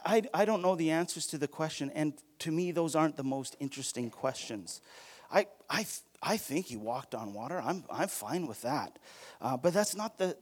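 Conversational man preaching, higher voice. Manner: conversational, earnest, with frequent restarts and quoted asides. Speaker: pastor. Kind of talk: sermon.

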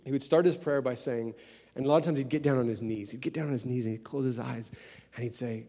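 A man preaching a sermon in a lively, conversational way, repeating phrases and laughing as he talks. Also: medium pitch, fast. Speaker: pastor. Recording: long hall reverb.

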